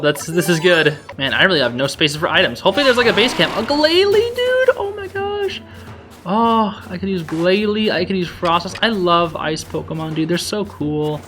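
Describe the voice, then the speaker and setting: Young let's-play host, chatty and excitable, bright voice, talks to the game creatures, light music under it. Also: medium pitch. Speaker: gaming channel host. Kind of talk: blind let's-play commentary.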